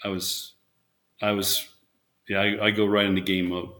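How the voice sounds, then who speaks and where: Speaking at normal speed, this man has a lowish voice with a level tone and a bit of brightness. The former volleyball coach chats casually in an interview, rambling through stories, frequently restarting and dramatizing quotes.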